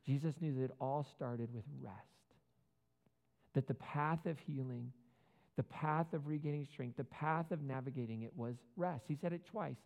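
A man's voice: mid-range voice, moderate pace, creaky, a little mellow. A man preaching a sermon in a conversational, earnest way, with casual asides and rhetorical questions to the congregation. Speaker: pastor. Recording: muffled sound with long hall reverb.

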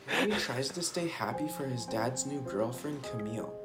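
Narrator voice, man, story recap, guitar music loud under it. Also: mid-range voice, expressive, normal speed. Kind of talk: scripted narration.

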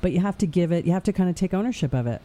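Man, podcast host, mellow, slightly high-pitched, reflective, supportive. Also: lively intonation, very fast. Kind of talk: conversational interviewing.

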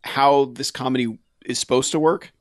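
A man's voice: medium pitch, fairly even intonation, moderate pace, no echo, clean studio sound. A man in a casual movie review chat, wry and profane, often acting out what others said. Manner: wry, profane, mimics people. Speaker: podcast co-host.

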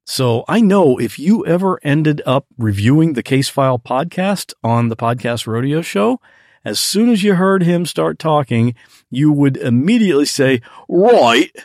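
A man leaving a voice message for a podcast host, with a lively voice that rises and falls a lot. He tells his story at mid pitch, recorded dry and close. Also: normal speed, no room sound. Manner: animated storytelling. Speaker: podcast guest caller.

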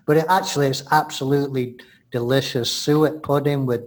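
A man's voice: mid-range voice, steady tone, moderate pace. An Englishman co-hosting a show, explaining things in casual chat, often laughing. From England.

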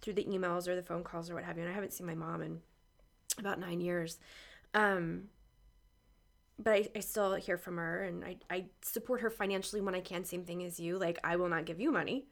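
A woman's voice: fairly low pitch, steady tone, fairly quick, gravelly. A woman hosting a podcast interview, speaking in a heartfelt, candid way. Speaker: podcast host. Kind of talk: conversational interview.

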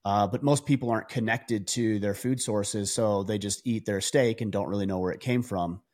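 A man, a podcast guest, telling stories in a casual conversational way, animated, with frequent restarts and fillers. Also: lowish voice, normal speed.

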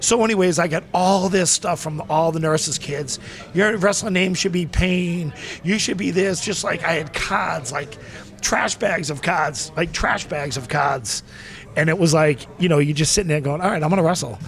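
Rambling animated man telling stories. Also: a little high, normal speed, creaky. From Massachusetts. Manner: rambling, animated, acts out voices in anecdotes. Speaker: interview guest, former pro wrestler. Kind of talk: casual storytelling.

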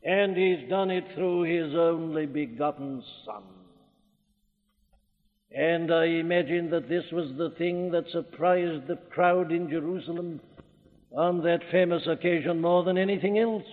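A man with a Welsh accent preaching a sermon fervently, rising at times to loud declamation. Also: on the high side, a little slow, long reverb tail, narrow, tinny audio.

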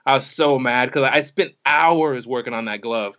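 A man's voice: mid-range voice, normal speed, fairly bright tone. A man co-hosting a podcast in casual chat, rambling and stumbling over repeated words. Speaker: podcast co-host. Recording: slightly muffled podcast audio.

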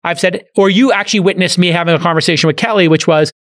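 Animated high-voiced podcast host from New York. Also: male voice, quick pace. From Brooklyn, New York. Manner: animated, jokey storytelling with frequent asides. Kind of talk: casual business podcast chat.

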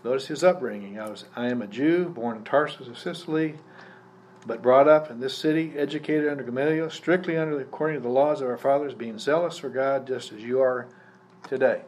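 A man's voice: medium pitch, fairly quick, a little mellow. A male pastor giving a live sermon, teaching conversationally and putting questions to the congregation. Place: church service. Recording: faint background noise from a live service.

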